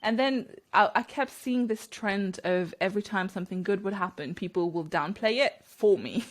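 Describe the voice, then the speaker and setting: A woman hosting a podcast, chatting in an expressive, friendly manner and laughing easily. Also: medium pitch, moderate pace. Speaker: podcast host. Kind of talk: casual conversational interview.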